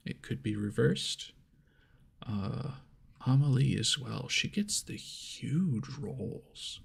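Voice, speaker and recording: A man hosting a whispered ASMR chat into an ears mic, soft and rambling, laughing at himself. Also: mid-range voice, creaky, breathy edge. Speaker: ASMR channel host. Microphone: homemade binaural ears mic.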